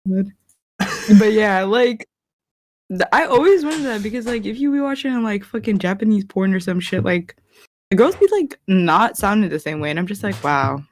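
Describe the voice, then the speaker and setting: A young woman co-hosting a casual podcast, talking in an animated, giggly way and filling her speech with "like". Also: medium pitch, moderate pace. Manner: animated, giggly, heavy use of "like". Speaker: podcast co-host. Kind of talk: casual chat.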